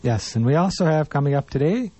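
Mellow low-key guy cohosting local news, dead dry studio sound, earnest with little puns. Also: animated, fast, dry recording. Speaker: community radio news co-host. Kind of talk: casual on-air chat and listings.

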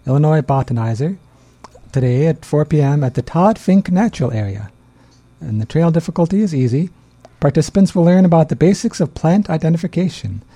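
A man's voice: a little high, mellow. A man co-hosting a community radio show, easygoing and reading out announcements in casual chat. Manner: easygoing, laughs, reads announcements. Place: radio studio.

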